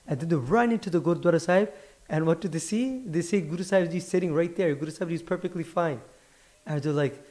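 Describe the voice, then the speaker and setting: A man casually retelling a religious story to listeners, animated, repeating words for emphasis and checking in with "right?". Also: high-pitched, a little fast. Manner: animated, leans on repetition for emphasis.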